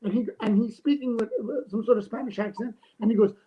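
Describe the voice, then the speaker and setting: Male co-host, animated jokey storyteller, casual livestream chat. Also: very high-pitched, fast talker, dull audio. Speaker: comic artist, co-host.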